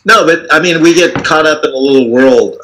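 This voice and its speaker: A man hosting a loose political talk show over a video call, answering his guest in an easy, offhand way. His voice is bright and somewhat sharp. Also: on the high side, fairly quick, a little hiss or hum, low-quality recording. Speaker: host.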